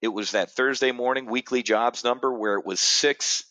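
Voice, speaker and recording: This U.S. trading educator speaks at a normal speed in a bright, forceful, medium-pitched voice, pitching a live options-trading brief to camera with boastful sales talk. He sits in a studio chair, and the sound carries no echo.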